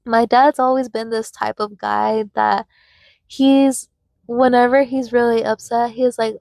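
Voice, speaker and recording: A woman's voice: on the high side, fairly even intonation, measured pace, vocal fry, darkish tone, no room sound. A young woman vlogger telling a personal story in a casual, rambling way, full of fillers and restarts.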